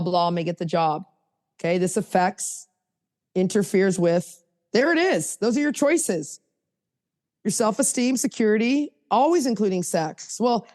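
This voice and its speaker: A woman hosts a podcast, teaching a hands-on workshop casually with a blunt, self-mocking style. She swings from low asides to high emphatic bursts, her tone darkish, recorded on a podcast mic.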